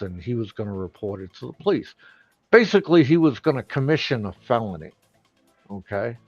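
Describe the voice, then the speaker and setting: A man hosting a live stream, delivering an angry, profane rant full of loud outbursts. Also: mid-range voice, no echo, muffled recording. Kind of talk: profane ranting monologue.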